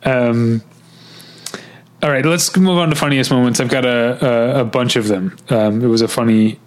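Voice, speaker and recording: A man co-hosting a relaxed chat podcast, his voice sitting at an ordinary middle pitch. He laughs often and slips into put-on voices to quote scenes. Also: normal speed. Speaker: podcast co-host. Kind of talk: casual chat.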